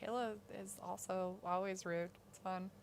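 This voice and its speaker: A woman's voice: fairly low pitch, fairly even intonation, normal speed, slight background noise. A woman co-hosting a live stream, chatting casually, bluntly dismissive as she reads viewer comments aloud. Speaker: co-host of a wrestling watch-along stream.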